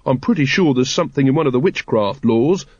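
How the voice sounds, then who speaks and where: A man's voice: medium pitch, lively intonation, brisk, darkish tone, slightly rough, no echo, lo-fi sound. A man voicing an earnest, rule-minded young watchman with a pedantic manner.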